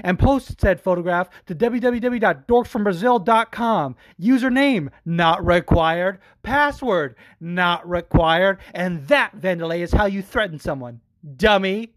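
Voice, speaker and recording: A man putting on the voice of a brash male fighter taunting a rival, high and shouty, drawing out his sneers. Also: a little slow, few pauses, no room sound.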